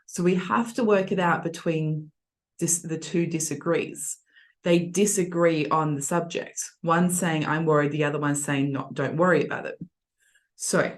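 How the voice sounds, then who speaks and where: A young adult woman teacher walking students through reading test answers in a chatty, reassuring way. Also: on the low side. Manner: chatty, reassuring, acts out example voices. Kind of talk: online tutoring lesson.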